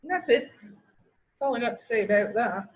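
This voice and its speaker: A woman's voice: a little high, expressive, fairly quick, slight background noise, rough recording. A woman with a Canadian accent, teaching a class in a chatty, joking and encouraging way. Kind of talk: online class lecture.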